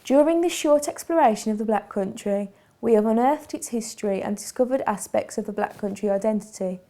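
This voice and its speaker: Mellow-voiced woman narrating a documentary. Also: on the high side. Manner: measured, formal delivery.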